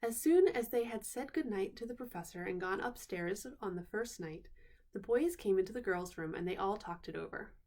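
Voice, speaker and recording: A woman reading a bedtime story aloud in an unhurried way, pausing now and then to explain words. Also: medium pitch, expressive, darkish tone.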